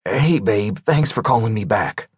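A man's voice: on the low side, lively intonation, measured pace, breathy edge, dry recording, studio quality, pitched above the performer's own voice. A man voicing a scared, nervous man on the run who talks in a quavering, pleading voice.

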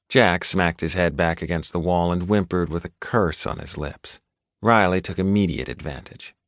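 A man reading a romance audiobook in an even, measured narration, close to a studio mic. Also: low voice, no room sound. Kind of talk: scripted narration.

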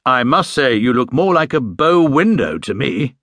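A man's voice: medium pitch, sing-song, moderate pace, a bit bright, no echo. Genial middle-aged dad, mild and a bit dry, read by a male narrator. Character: mild, good-natured middle-aged father.

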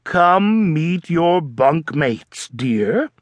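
A man voicing a kindly frog mother who speaks gently and coaxingly, in a storybook reading. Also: very high voice, huge pitch swings, unhurried, no echo, pitched above the performer's own voice, full character voice. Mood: gentle.

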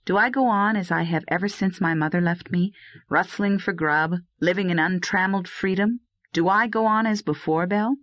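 A woman's voice: lowish voice, normal speed, fairly bright tone, no room sound, natural voice. A woman voicing a rugged young male herb harvester who chides and coaxes his dog. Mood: anxious. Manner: earnest, chiding, talks to his dog. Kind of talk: audiobook dialogue reading.

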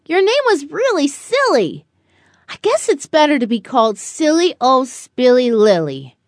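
A woman's voice: high voice, very animated, unhurried, no echo, clean studio sound, full character voice. A woman voicing a small, sweet, earnest girl who keeps spilling things, in an eager, sing-song childlike manner. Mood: cheerful.

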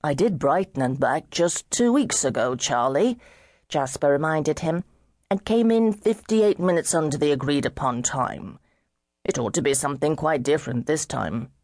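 A woman voicing a hungover young gentleman who boasts of his wagers and complains of his aching head. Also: low-pitched, lively intonation, moderate pace, no echo, studio quality. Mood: boastful. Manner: boastful, then gloomy and complaining.

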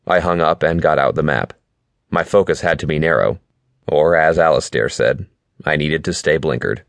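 A man narrating a novel in the first person, in calm, measured storytelling. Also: rumbling low, creaky, dry recording. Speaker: audiobook narrator. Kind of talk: scripted narration.

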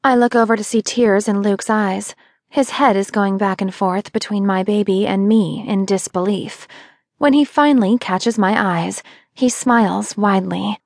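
A woman reading a first-person audiobook narration in a steady, intimate way. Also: mid-range voice, a little slow, creaky, no echo, clean studio sound.

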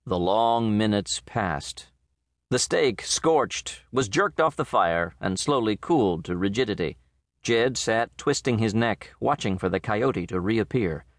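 Male narrator for a western short story, measured, lively pitch, very dry studio sound. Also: no room sound. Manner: measured, expressive storytelling reading. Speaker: audiobook narrator. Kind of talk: scripted narration.

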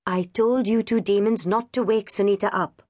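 A woman voicing a harassed, tired mother who speaks softly and wearily. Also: fairly even intonation, moderate pace, dry recording, studio quality, lightly acted. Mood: weary. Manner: soft, weary, lower-pitched.

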